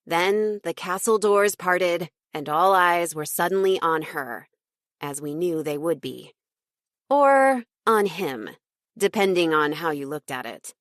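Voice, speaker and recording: A woman's voice: lowish voice, expressive, takes it slowly, no room sound, studio quality. Wry woman narrating an audiobook. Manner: snarky, wry. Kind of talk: scripted first-person audiobook narration.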